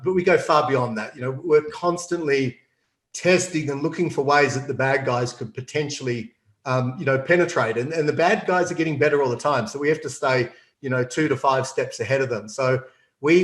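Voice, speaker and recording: An Australian man, the CEO of a company, answers interview questions in a medium-pitched, reverberant voice. He's confident and explanatory in this business interview and laughs often.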